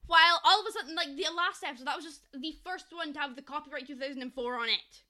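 A young woman co-hosting a casual podcast chat, expressive and swearing casually, acting out mock quotes. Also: sits high, fast. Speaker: podcast co-host.

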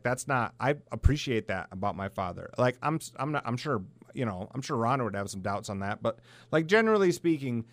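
A man's voice: mid-range voice, no room sound. A middle-aged man from South Dakota, hosting a podcast in a heated, blunt monologue full of swearing. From South Dakota, USA. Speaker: podcast host. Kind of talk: profane ranting monologue.

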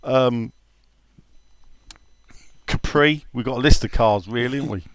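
A man's voice: medium pitch, a little slow, slight background noise. A man hosting a casual podcast, reading out listener questions and telling funny stories with frequent laughter. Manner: chatty storyteller, laughs often. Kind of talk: casual chat.

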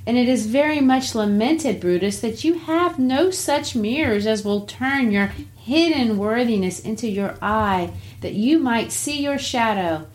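A woman reading the part of Cassius, a scheming, persuasive Roman general, slow and deliberate in her verse reading. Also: a little high, expressive, voice pushed up.

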